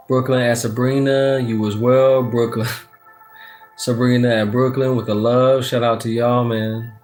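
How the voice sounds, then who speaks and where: A man's voice: mid-range voice, level tone, measured pace, a little mellow. Man, tarot reader, casual livestream chat, swears a lot, phone camera mic, faint music behind. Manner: laid-back, swears freely, reads out viewer comments. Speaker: tarot reader hosting a live stream. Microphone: phone front camera.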